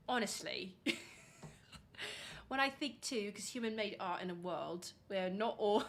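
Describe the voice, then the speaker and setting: A woman's voice: medium pitch, a little slow, soft background music. A young woman streaming, chatting casually and reading chat aloud, saying "like" a lot and laughing often.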